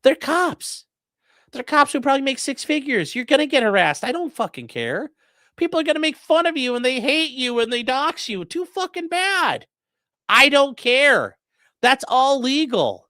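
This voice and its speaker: A bright, sharp-toned streamer talks through the law in a loose, profane way, reacting to chat with scorn. The pitch jumps around, punchy one moment and muttered the next. The sound is close and dry. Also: moderate pace, dry recording. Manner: blunt, profane and mocking; animated, swinging between loud outbursts and muttering. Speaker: legal commentary streamer reading chat. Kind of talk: casual livestream commentary.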